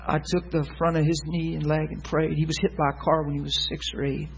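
A preacher with a high, husky voice tells a testimony story to his listeners. He acts out the people he quotes and swings from loud bursts to hushed, tender passages. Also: little pitch movement, a little fast, few pauses, poor audio. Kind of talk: sermon testimony.

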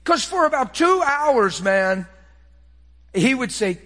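A middle-aged man preaching a personal testimony, swinging between hushed, quiet passages and excited, impassioned bursts. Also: extremely high pitch, normal speed, in a large hall. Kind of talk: sermon testimony.

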